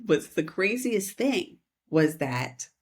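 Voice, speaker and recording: Woman podcast co-host, 30s, low voice, rambling storyteller who laughs often. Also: sing-song, takes it slowly, husky. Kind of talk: casual storytelling chat.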